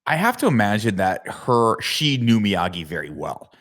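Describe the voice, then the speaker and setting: Podcast host, male, low register, jokey plot recapper who acts out the lines. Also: big pitch swings, normal speed, a bit bright. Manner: laughing, swearing, acts out quotes. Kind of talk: casual chat, recapping a movie.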